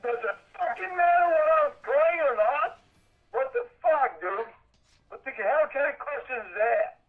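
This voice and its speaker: A man yelling angrily and swearing heavily in a heated phone argument. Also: very high-pitched, animated, normal speed. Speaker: caller. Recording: dull lo-fi sound.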